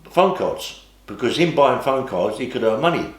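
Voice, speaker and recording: A man's voice: medium pitch, very animated, normal speed. An older man, telling his stories as an interview guest in a rambling way, repeating and restarting phrases. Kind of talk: casual storytelling. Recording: roomy echo.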